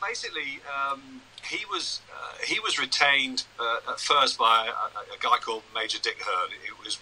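A man's voice: mid-range voice, sharp tone, low-quality recording. A man in his sixties, a broadcaster and journalist, chatting anecdotally over a video call. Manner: chatty, anecdotal, self-deprecating. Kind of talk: casual interview chat.

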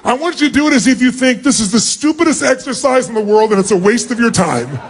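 A man leading a big seminar, loud and commanding, acting out quick little scenes for a large audience in an arena. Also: very high voice, lively intonation, a little hiss or hum. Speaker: motivational speaker.

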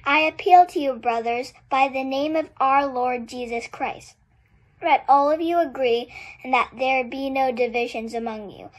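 A woman reads a Bible passage aloud. Her voice sits very high, and she reads carefully and deliberately. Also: low-quality recording. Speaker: scripture reader. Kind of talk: Bible reading.

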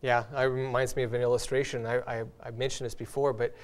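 A man hosts a relaxed conversation on faith and family. His voice sits at an ordinary pitch for a man. He tells illustrations earnestly, with the odd light laugh. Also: quick pace. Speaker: host. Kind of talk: casual spiritual discussion.

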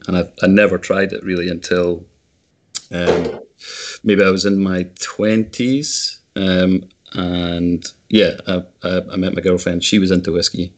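A man in his thirties, a guest on a video call chat, talking hesitantly and repeating words as he starts sentences. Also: low-pitched.

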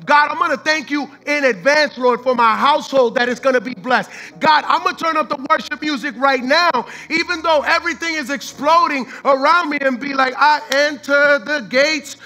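A male pastor preaching a sermon with passion and casual slang, swinging between shouted declarations and hushed scripture reading. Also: extremely high pitch, a little fast, hardly any pauses, low-quality recording.

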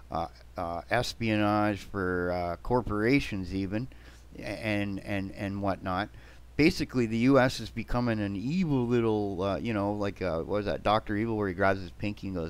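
An older man holds forth in a blunt, combative rant, pressing his points with repeated "right?" and "okay?". His voice sits low and comes through smooth and clear. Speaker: vlogger. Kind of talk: ranting monologue to camera.

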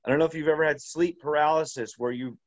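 Man, slightly high voice, rambling casual storytelling, halting restarts, dry dull audio. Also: steady tone, no room sound. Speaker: interview guest.

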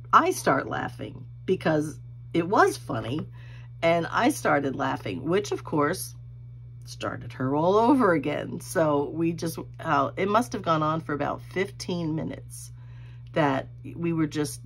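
A woman's voice: deep voice, slight background noise. A middle-aged woman hosting a crafting video, telling a rambling personal story while she works, laughing often. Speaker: crafting channel host.

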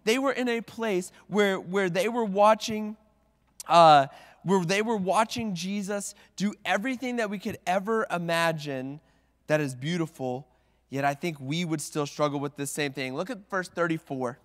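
A man with a high-pitched voice preaches at normal speed from the pulpit in a church sanctuary. His delivery is conversational, scattered with "like"s and restarts, and the church hall adds long reverb.

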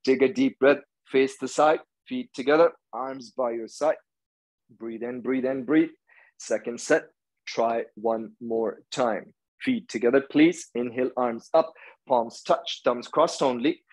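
A man's voice: medium pitch, unhurried, darkish tone, rough recording. A man leading a hot yoga class, giving firm, rhythmic commands and counting through each pose. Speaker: yoga teacher. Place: yoga studio.

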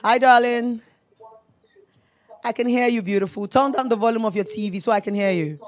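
A woman's voice: fairly high pitch, normal speed. A Nigerian woman in her thirties hosting a live call-in show, effusive and affectionate, calling callers darling and mixing in Pidgin. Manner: effusive, mixes Pidgin, calls everyone darling. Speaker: radio show host taking calls.

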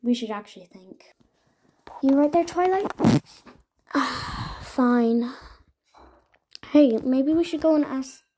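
A woman's voice: high voice, slow pace, long pauses, background noise. A woman playing out a murder mystery with toy horses, switching between chatty, whispered and accusing voices for each character. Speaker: toy horse role-play creator.

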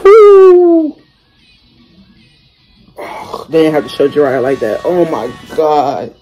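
A young man hosting a reaction video, talking casually and excitedly in slang, exclaiming and chatting as he watches. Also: mid-range voice, normal speed, husky, highs cut off, faint music behind. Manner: exclamatory, slangy, keeps saying "bro".

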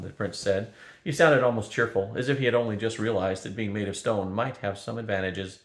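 A man's voice: fairly low pitch, steady tone, a little fast. Older man reading a storybook aloud. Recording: roomy echo.

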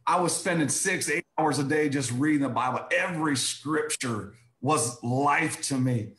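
A man's voice: on the high side, normal speed, fairly bright tone, roomy sound. A man telling his personal testimony as a guest, emphatic and repetitive, often saying "I said".

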